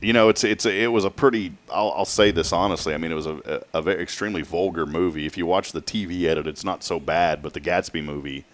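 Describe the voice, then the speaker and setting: A man's voice: deep voice, steady tone, quick pace, few pauses. A man hosting a morning talk show, rambling and often restarting his sentences. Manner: rambling, self-interrupting, chatty. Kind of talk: casual chat.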